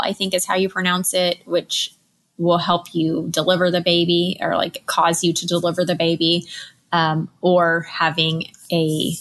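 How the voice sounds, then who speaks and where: A woman in her thirties hosts a podcast and talks through a personal story in an unscripted, conversational way. Her voice sits a little low, and she fills her pauses with "um" and "like" while her emotion shows. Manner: conversational, emotional, with frequent fillers. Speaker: podcast host.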